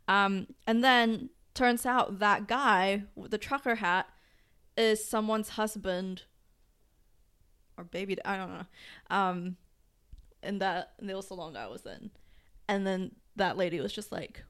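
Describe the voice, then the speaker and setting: A woman's voice: mid-range voice, unhurried, fairly bright tone, clear, resonant tone. A young woman co-hosting a podcast, chatting casually and telling a rambling story with lots of giggles and fillers. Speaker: podcast co-host. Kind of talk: casual chat.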